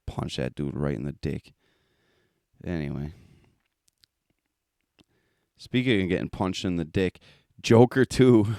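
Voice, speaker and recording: Low-voiced man in a profane rant. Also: darkish tone, smooth, dry recording, clean studio sound. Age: adult with children. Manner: blunt, profane, mocking rants. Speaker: podcast host. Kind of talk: casual profane monologue.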